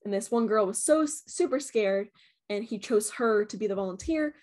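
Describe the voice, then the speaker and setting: A woman's voice: medium pitch, animated, moderate pace, a little mellow. A young woman telling the story of her haunted house visit in a casual vlog, chatty and full of "um" and "like". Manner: chatty, many "um" and "like", acts out quotes with voices. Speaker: vlogger reviewing a haunted house.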